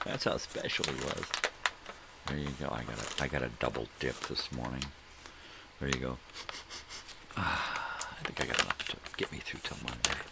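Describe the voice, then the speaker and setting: Very deep, gravelly middle-aged man. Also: normal speed, pauses often, heavy background noise. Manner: rambling, joking, profane, trails off searching for names. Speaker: host. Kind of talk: casual solo livestream chat.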